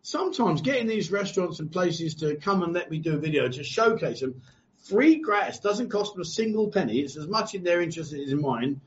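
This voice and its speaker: Higher-voiced joking man, lo-fi. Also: sing-song, a little fast. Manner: joking, teasing, swears freely. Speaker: live stream host. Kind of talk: casual banter, reading viewer comments. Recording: dull lo-fi live stream audio.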